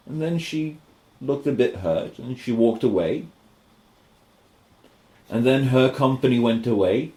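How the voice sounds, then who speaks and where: Animated storytelling man, echoey room. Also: mid-range voice, measured pace. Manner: animated, swearing, acts out quoted voices. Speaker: podcast co-host. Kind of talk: casual storytelling chat.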